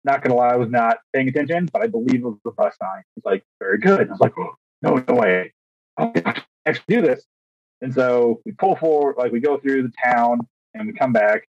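Husky young man telling a story. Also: mid-range voice, brisk. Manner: animated, acts out quotes, frequent restarts and fillers. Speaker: podcast co-host, teacher. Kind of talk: casual storytelling chat. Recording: dry, dull lo-fi recording.

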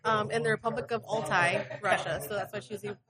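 A woman's voice: mid-range voice, steady tone, brisk, crowd noise. A woman hosting a history podcast live in a bar, hesitant with many ums and frequent laughs.

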